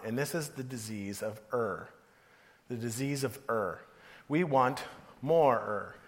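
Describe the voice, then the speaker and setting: A man's voice: mid-range voice, unhurried. Joking man preaching in a reverberant hall. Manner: casual, joking, laughs often. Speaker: pastor. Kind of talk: sermon.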